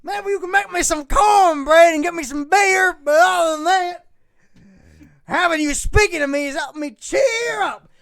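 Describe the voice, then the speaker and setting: A woman's voice: extremely high pitch, moderate pace, fairly bright tone, no echo, studio quality. A woman voicing a rowdy, whooping hillbilly cowgirl in a mock Southern drawl for a comedic fan-fiction reading. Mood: hollering. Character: rowdy yee-hawing hillbilly cowgirl alien princess.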